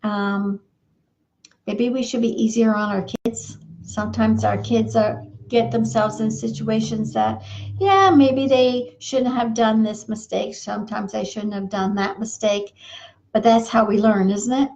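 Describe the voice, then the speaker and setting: A woman's voice: a little high, a little slow, a little mellow, highs cut off. A woman coaching couples in an earnest, repetitive, folksy monologue while losing her voice. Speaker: marriage coach. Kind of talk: advice monologue.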